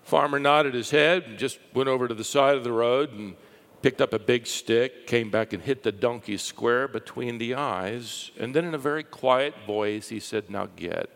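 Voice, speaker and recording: A man preaching a sermon, telling stories with lively rises and a hushed drop for the quiet parts. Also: mid-range voice, normal speed. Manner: lively storytelling, dropping to a hush for quiet lines. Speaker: pastor. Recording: long hall reverb.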